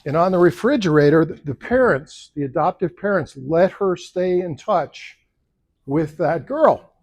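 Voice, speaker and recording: A man with a fairly high speaking voice gives a campaign speech to a luncheon crowd. He tells stories in a conversational way and acts out the other people's lines as he quotes them. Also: animated, measured pace, darkish tone. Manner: storytelling, acting out quoted voices. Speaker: political candidate. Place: luncheon event room.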